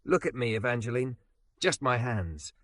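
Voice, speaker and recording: A man voicing a calm young man who counts someone through their breathing, speaking slowly, steadily and reassuringly. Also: medium pitch, no echo, close to an everyday voice.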